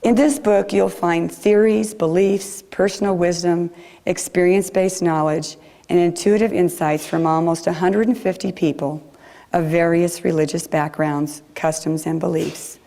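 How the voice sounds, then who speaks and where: Low gravelly-voiced woman preacher. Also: fairly even intonation, normal speed. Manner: gentle, reflective delivery. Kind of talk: sermon. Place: chapel.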